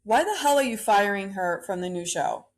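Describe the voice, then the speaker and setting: A woman hosts her own podcast alone and airs her views bluntly, cursing freely as she rants about the latest celebrity news. Her voice sits in an ordinary middle pitch, and her strong opinions carry the talk. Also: expressive, normal speed. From Cuban-American. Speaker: podcast host. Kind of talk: solo opinion podcast rant.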